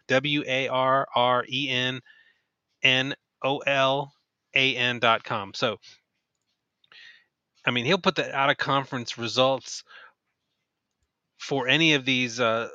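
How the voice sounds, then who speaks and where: A man with a bright, smooth voice co-hosting a sports podcast, often restarting his sentences as he hedges. The recording is dry and a bit dull. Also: mid-range voice, no echo. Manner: hedging, restarts often, many fillers. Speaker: podcast co-host. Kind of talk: casual sports chat.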